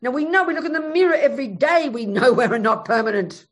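A woman's voice: sits high, fairly quick. A woman giving a Buddhist teaching, emphatic and frank, telling stories as she goes. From Australia. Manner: animated, emphatic, frank storytelling. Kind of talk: Buddhist dharma talk.

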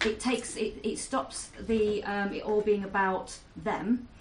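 A woman in the audience asking a question, halting and hesitant with many restarts. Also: medium pitch, steady tone, recorded from a distance, noisy background. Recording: roomy sound from off-mic.

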